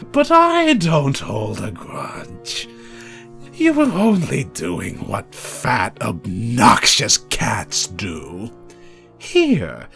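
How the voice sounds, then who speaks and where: A man's voice: medium pitch, gravelly, a bit bright, voice pushed up, full character voice. A man voicing a sinister male postman who speaks with fake friendliness and a hollow, menacing laugh.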